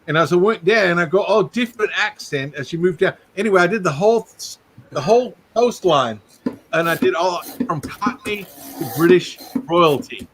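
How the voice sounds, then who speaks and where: A man hosting a relaxed late-night live chat, pitched a little higher than most men. He tells stories with plenty of animation and chuckles his way through them. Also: normal speed, background noise. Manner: animated storyteller, laughs while talking. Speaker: host. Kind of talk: casual live-stream chat.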